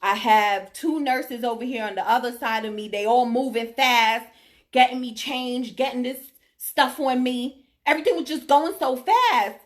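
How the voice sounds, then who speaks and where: A woman's voice: on the high side, moderate pace. A middle-aged woman telling a personal story to her audience, emphatic and often checking in with her listeners. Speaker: vlogger sharing her diagnosis story.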